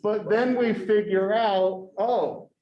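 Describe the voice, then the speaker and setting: A man in his forties, a college professor, telling a story to his class in a chatty, animated way and tagging nearly every sentence with a rhetorical question. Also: high voice, takes it slowly, dull audio. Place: lecture classroom. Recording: echoey classroom recording.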